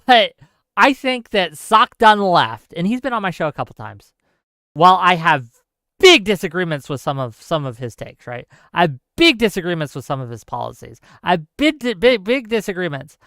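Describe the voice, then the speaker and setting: A man's voice: high-pitched, sharp tone, smooth, dry recording, clean studio sound. A man hosting a political commentary livestream. He talks in an impassioned way, repeats himself for emphasis and keeps checking in with listeners by asking "right?". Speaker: livestream host.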